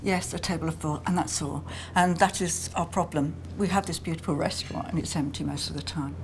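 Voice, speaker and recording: Brief: woman restaurant owner, lowish voice, polite, wistful, faint ambience. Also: fairly even intonation, a little fast, slight background noise. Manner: polite, soft-spoken, wistful.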